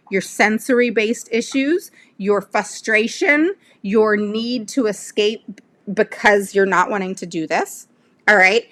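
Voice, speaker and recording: A woman's voice: mid-range voice, a bit bright. A middle-aged woman giving parents casual, conversational advice and often checking in with "all right?". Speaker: parent advocate.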